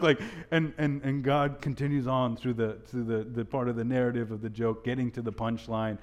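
A young man giving a sermon with a personal story, telling it in an animated way with many restarts. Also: mid-range voice, fairly quick. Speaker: speaker at a church gathering.

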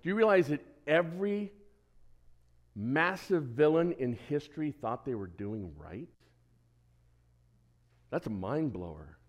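Lively preacher man, fairly high voice. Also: a little slow, long pauses. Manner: lively, asks the congregation questions, self-deprecating asides. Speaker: pastor. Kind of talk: sermon.

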